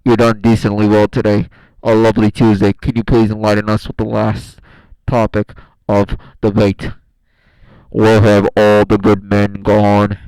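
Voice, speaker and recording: A man putting on a stiff male debate moderator who announces each question with formal politeness. His voice sits low and flat with little movement. The tone is smooth and clean. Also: measured pace, no echo, poor audio.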